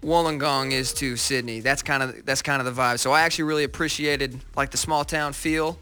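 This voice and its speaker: Bright, eager young American man. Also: medium pitch, steady tone, fairly quick, smooth, soft background music. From United States. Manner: eager, rambling, self-correcting. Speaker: guest musician. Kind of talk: casual radio interview chat.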